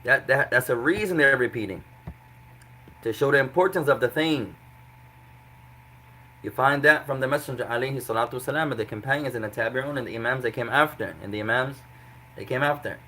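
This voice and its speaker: Man, teacher running a grammar class, patient and repetitive, bright voice, faint hum behind. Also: medium pitch, brisk, long pauses, poor audio. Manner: explains patiently with repeated examples. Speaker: Arabic teacher.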